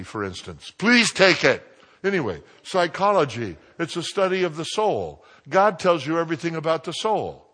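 Forceful, joking preacher man. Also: a little high. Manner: joking, emphatic, swings from quiet asides to loud exclamations. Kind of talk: sermon.

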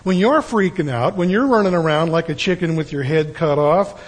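A man's voice: a little high, normal speed, breathy edge, rough recording. An older man giving a folksy, conversational sermon with frequent asides. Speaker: preacher.

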